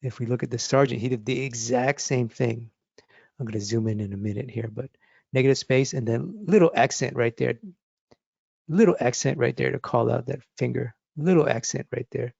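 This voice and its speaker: A man teaching drawing, talking through his sketch step by step as he works, thinking aloud in a relaxed, encouraging way. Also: mid-range voice, normal speed, creaky, husky, no room sound, muffled recording. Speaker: drawing instructor. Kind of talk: live drawing demonstration.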